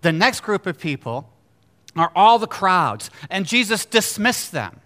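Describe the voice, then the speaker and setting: A man preaching a sermon, swinging between loud exclamations and hushed storytelling and asking his listeners rhetorical questions. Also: high-pitched, sing-song, a little slow. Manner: asks the congregation rhetorical questions. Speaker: pastor.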